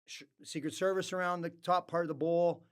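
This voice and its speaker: Middle-aged man, studio podcast guest, animated, swearing storyteller, dry close mic. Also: high-pitched, brisk, smooth, no room sound. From Canada. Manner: animated, profane storyteller with loud outbursts. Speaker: podcast guest, former hockey player. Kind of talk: casual storytelling.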